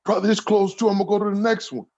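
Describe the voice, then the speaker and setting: A man's voice: high-pitched, level tone, racing, warm tone, dull audio, voice pushed up, lightly acted. A man mimicking another man's eager, insistent voice on the phone during a story. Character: excitable man pleading on the phone.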